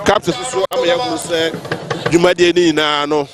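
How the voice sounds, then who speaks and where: A man making halting public remarks at a festival, switching between English and Twi with many fillers. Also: a little high, steady tone, a crowd in the background. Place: outdoor festival grounds.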